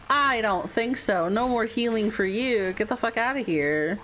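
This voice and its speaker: A woman streaming a game, her pitch jumping lively up and down. She chats casually, swears freely, and lets sentences trail off. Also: moderate pace, few pauses, faint music behind. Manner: animated, swears, trails off mid-thought. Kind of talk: casual gameplay stream chat.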